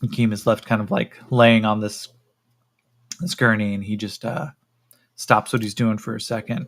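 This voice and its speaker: Gravelly-voiced man narrating a solo tabletop game. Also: fairly low pitch, normal speed. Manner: relaxed storytelling with fillers and asides. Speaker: game master and solo player.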